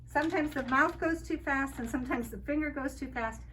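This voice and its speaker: A woman's voice: sits high, brisk, a bit bright. An older woman, a kindergarten teacher, giving a friendly step-by-step talk to parents and counting aloud as she explains. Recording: distant mic with faint noise.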